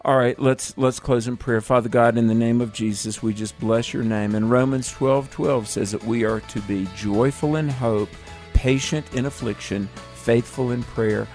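A man co-hosting a prayer radio show, who speaks in a measured way and leads a closing prayer. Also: mid-range voice, fairly even intonation, darkish tone, soft background music. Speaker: radio co-host.

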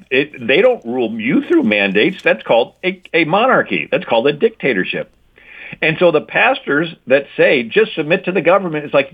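A man's voice: on the high side, slightly rough. A man giving an emphatic talk on church history, explaining points and checking in with "right?". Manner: lecturing, repeats key points with "right?". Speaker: guest speaker on Christian history. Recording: tinny phone-like line.

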